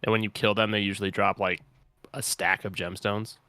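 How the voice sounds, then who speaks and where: A man co-hosting a video game livestream in casual chat, relaxed and swearing freely as he reads out the chat. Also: on the low side, fairly quick, clean tone, no echo. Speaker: co-host of a game stream.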